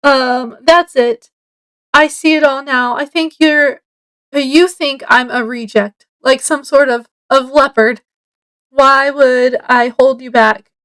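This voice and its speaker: A stung, defensive schoolgirl lashes out as a woman reads her part aloud. The voice sits high and moves slowly, with small stumbles along the way. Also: fairly even intonation, a bit bright, smooth, rough recording. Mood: bitter. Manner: read aloud haltingly.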